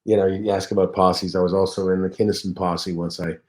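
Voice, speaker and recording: Low-voiced man telling stories. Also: fairly quick. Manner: animated anecdotal storyteller. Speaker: guest, comedian and voice actor. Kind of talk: casual interview storytelling.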